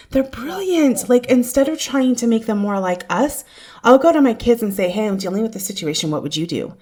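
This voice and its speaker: A woman in her thirties talks at a middling pitch as a podcast host in relaxed conversation. She tells stories with animation and laughs often. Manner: warm storytelling, laughs often. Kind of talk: casual conversational chat.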